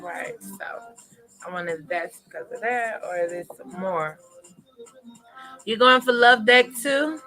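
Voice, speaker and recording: A woman in a relaxed, chatty mood runs a live tarot stream, her voice sitting at a middle pitch. She laughs easily and drifts between gossip and readings. Soft music plays behind her. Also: unhurried, long pauses, low-quality recording. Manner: laughs often, animated and chatty. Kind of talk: casual live-stream chat.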